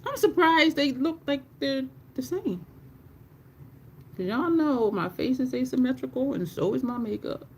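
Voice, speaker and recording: A woman's voice: high-pitched, lively intonation, measured pace, slight background noise. Chatty, laughing woman doing makeup live. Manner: chatty, profane, laughs often, talks to chat. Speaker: makeup livestreamer. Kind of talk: casual livestream chat while doing makeup.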